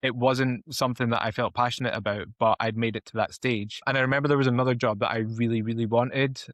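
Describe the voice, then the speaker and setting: A man, a podcast guest chatting in a relaxed, reflective way. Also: medium pitch, quick pace, dry recording. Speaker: podcast guest, freelance graphic designer. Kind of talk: casual chat.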